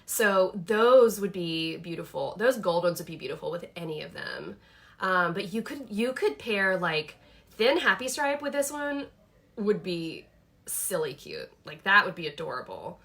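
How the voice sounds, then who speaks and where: A woman chats casually from her home office. Her voice is bright and lively, and she talks enthusiastically, thinking aloud with plenty of ums and little asides. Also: fairly low pitch, unhurried. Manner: chatty, enthusiastic, thinks aloud with many fillers. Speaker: host showing her planner products. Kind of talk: casual live product chat.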